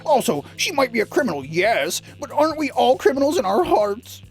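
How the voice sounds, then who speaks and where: A woman voicing a goofy, excitable young male werewolf student who rambles earnestly. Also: fairly high pitch, fairly quick, soft background music, voice pushed up, poor audio. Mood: pleading. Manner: rambling, earnest, dim-witted.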